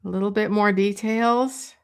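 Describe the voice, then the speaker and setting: A woman walks viewers through a drawing lesson at an unhurried pace. She thinks aloud as she works, with plenty of pauses and fillers. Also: mid-range voice, steady tone, clean tone. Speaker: art teacher. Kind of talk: drawing tutorial.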